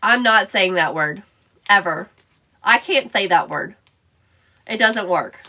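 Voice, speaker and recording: A woman's voice: mid-range voice, lively intonation, slow, pushed and bright. A woman hosting a live crafting stream, chatting playfully and bantering with viewers in the chat while she works. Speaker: craft livestream host.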